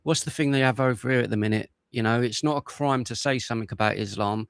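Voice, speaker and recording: A man's voice: mid-range voice, fast, creaky, clear, resonant tone, no echo, studio quality. A man hosting a livestream, reacting to clips with blunt, scornful casual commentary. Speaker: livestream host.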